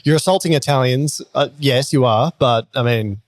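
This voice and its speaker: Australian male podcast host, casual, animated ranter, dry close sound. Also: mid-range voice, moderate pace, no echo. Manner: animated, ranting hot takes. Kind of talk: casual chat.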